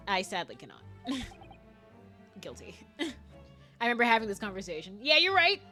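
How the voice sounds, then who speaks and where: A woman's voice: a little high, very animated, unhurried, sharp tone, faint music behind. A woman streaming a game live, chatting casually, laughing often and swearing freely as she reads dialogue aloud.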